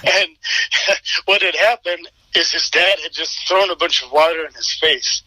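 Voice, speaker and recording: A man in casual conversation, spinning a story with lively energy. His voice is bright and sharp, somewhat higher, recorded close and dry. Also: measured pace, no room sound, low-quality recording. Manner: animated storyteller, acts out quotes. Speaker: guest, pastor and former fighter.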